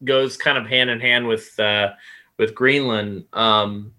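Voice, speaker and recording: A man's voice: fairly low pitch, fairly even intonation, takes it slowly, sharp tone. A man co-hosting a podcast, talking loosely with swearing and lots of fillers. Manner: loose and profane, many fillers. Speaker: podcast co-host. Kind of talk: casual chat.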